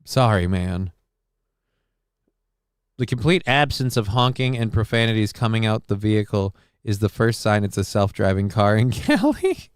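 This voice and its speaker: A man hosting a live call-in stream, reading out chat comments with dry deadpan humor, rambling and swearing casually. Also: on the low side, normal speed, clean tone, dry recording. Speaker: livestream host reading chat.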